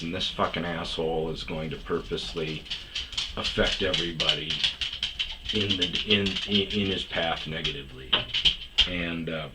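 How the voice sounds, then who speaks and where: A man's voice: low voice, normal speed, background noise. Profane man telling a rambling story. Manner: profane, animated, mimics others in raised voice. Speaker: storyteller host. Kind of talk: casual monologue storytelling.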